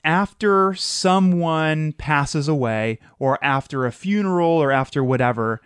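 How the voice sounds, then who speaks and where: A podcast host in casual chat, an animated storyteller who likes to mimic sounds. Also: medium pitch, measured pace, clean tone, no echo, clean studio sound.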